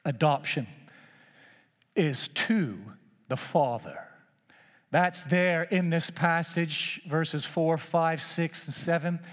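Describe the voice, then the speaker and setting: A man's voice: fairly high pitch, takes it slowly, big-room sound. A man preaching a sermon, emphatic and repeating key phrases for weight.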